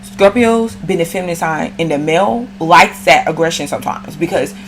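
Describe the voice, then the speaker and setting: A woman's voice: fairly low pitch, normal speed, soft background music. A woman giving a casual, slangy astrology reading and talking straight to the viewer. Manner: slangy, chatty, addresses viewer directly. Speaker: astrology reader.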